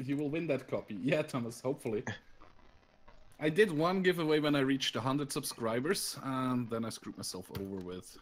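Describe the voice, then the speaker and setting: A man's voice: medium pitch, expressive, normal speed. A man streaming a strategy game, chatting casually, laughing often and reading out viewer comments. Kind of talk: casual gaming stream chat.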